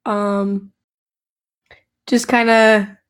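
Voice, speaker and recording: A young woman player, hoarse from a cold, chatting in an apologetic, fretful way. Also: mid-range voice, little pitch movement, very slow. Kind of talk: casual podcast chat.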